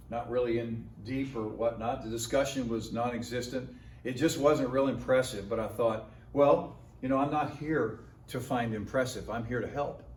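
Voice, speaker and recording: A man preaching a sermon, telling a story casually and acting out other people's lines with lively jumps in his voice. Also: slight background noise. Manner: animated, acts out quoted voices with big pitch jumps. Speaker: pastor. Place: church sanctuary. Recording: echoey church hall, mic at a distance.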